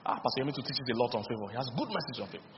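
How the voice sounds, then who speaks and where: A middle-aged Nigerian man preaching a sermon in a lively storytelling style, with call-and-response. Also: mid-range voice, racing, heavy background noise. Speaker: pastor. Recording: dull lo-fi sound with long hall reverb.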